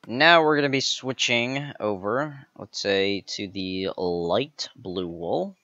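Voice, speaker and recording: Man, tutorial voice-over, crisp forceful tone, fairly low voice, methodical, counts blocks aloud, dull dry lo-fi recording. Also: slow pace, dry recording. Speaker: tutorial host. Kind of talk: step-by-step game tutorial voice-over.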